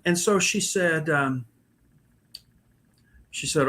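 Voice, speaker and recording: Unhurried and expressive, this man's mid-range voice has a fairly bright tone. He's a paranormal investigator guest casually telling his own stories, wandering off track with many fillers and restarts.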